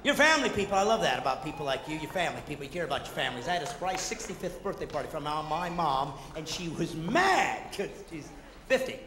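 A man doing a high-energy stand-up comedy routine, ranting and jumping into shouted asides and mock voices. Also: very animated, fast. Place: theater stage before a live audience. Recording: echoey hall, noisy 1990s concert recording.

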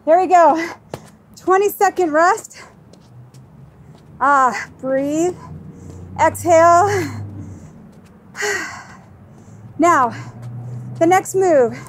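A woman with a high, bright-pitched voice coaches a workout at an easy, unhurried pace. She calls out moves and rest counts in an upbeat way and talks as she exercises along. A faint hum sits behind her. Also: poor audio. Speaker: fitness instructor.

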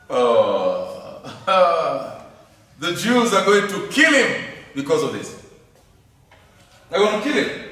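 A man's voice: on the high side, big pitch swings, slow pace, long pauses, a bit bright. A man teaching a lesson on scripture, speaking emphatically, repeating key phrases and asking rhetorical questions. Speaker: Bible teacher. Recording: echoey hall from far off.

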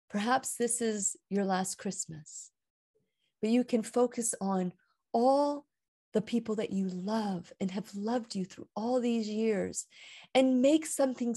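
A woman's voice: on the high side, mellow. Earnest woman hosting an inspirational talk. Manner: earnest, heartfelt, rises and falls with emphasis. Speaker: radio show host.

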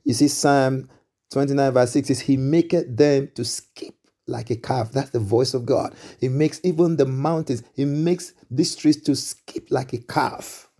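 A man preaching a sermon with a warm, mellow voice. He builds his points through repeated refrains and stumbles into restarts. He breaks out in emphatic exclamations between them. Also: mid-range voice, steady tone, a little slow. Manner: repetitive preaching cadence with stammered restarts. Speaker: pastor.

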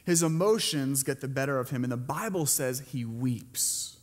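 A man's voice: mid-range voice, moderate pace, big-room sound. A male pastor giving a sermon, retelling a Bible story in a conversational way and putting questions to the congregation. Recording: preached to a church congregation.

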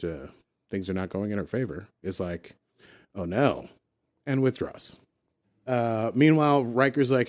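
Chatty man recapping an episode. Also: mid-range voice. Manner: animated, paraphrases characters in a loose chatty voice. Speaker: podcast host.

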